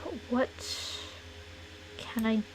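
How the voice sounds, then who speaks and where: A woman chatting casually on a live stream while she plays, rambling with lots of fillers and giggles, her throat a little rough. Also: slow pace, music in the background. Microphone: desk mic in a closed room.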